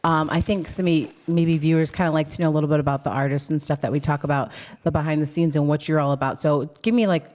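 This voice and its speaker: A young adult woman co-hosting a chat show, brash and bold, always gushing and laughing. Her voice sits on the lower side for a woman. Her talk is loose and raunchy. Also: fairly even intonation, fast, darkish tone. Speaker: podcast co-host.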